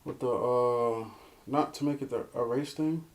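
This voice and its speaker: A young man guesting in a casual chat, speaking earnestly and haltingly, often repeating words as he restarts. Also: medium pitch.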